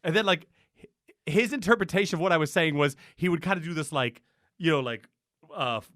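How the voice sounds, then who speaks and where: A man chats on a podcast with a bright, tense edge to his voice. He swears freely and slips into quick impressions of other people. The sound is dry and close, with a slightly raised pitch. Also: no echo. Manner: profane storyteller who mimics people. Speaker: podcast co-host. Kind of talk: casual chat.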